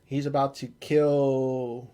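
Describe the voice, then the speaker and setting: A man's voice: medium pitch, little pitch movement, slow pace, warm tone, clean tone. Loose, swearing male podcast co-host. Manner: loose, swears casually, chatty. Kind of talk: casual chat.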